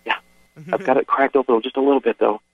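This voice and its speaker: A man's voice: mid-range voice, steady tone, quick pace, dry recording. A man on the receiving end of a prank phone call, panicked and stammering.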